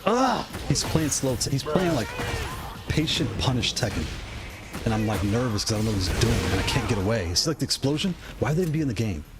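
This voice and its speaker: Nervous excitable guy doing live fighting game commentary, voice jumps all over, loud music behind. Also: medium pitch, fairly quick. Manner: nervous, excitable, repeats himself. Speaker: streamer playing a fighting game tournament.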